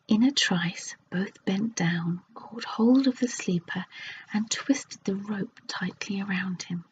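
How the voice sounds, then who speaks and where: A woman reads a storybook in a soft ASMR whisper, very slow and unhurried, with a mid-range voice. The recording is dull and lo-fi, a faint hiss running underneath. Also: mid-range voice.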